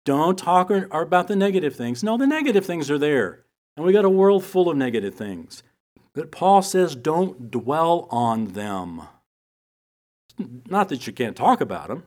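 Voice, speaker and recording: A middle-aged man teaching from the Bible, telling personal stories in a relaxed, humorous way. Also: high-pitched, a little fast. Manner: conversational storytelling with humor.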